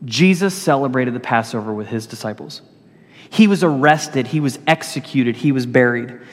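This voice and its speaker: A man preaching a sermon, telling stories with animated swings between loud and hushed delivery. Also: mid-range voice, moderate pace, in a large hall. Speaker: pastor.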